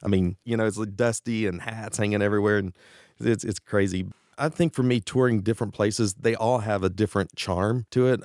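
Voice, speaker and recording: Low-voiced man telling road stories, dry sound. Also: brisk, no echo. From East Tennessee. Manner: animated anecdotes with laughs and quoted voices. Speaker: guest musician. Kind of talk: casual interview storytelling.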